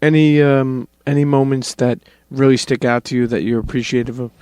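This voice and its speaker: A man's voice: mid-range voice, level tone, brisk, a little mellow, clear, resonant tone, no room sound. A man with a mid-range voice hosts a casual interview, asking friendly questions and often stammering. The sound is dry and close. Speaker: podcast host.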